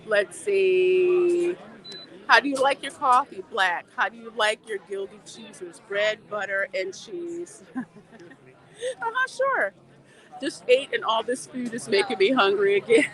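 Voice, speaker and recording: A woman's voice: mid-range voice, lively intonation, slow pace, a bit bright. A woman livestreaming outdoors from a theme park on a handheld phone, chatting casually, laughing often and reading viewer comments aloud. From Louisiana.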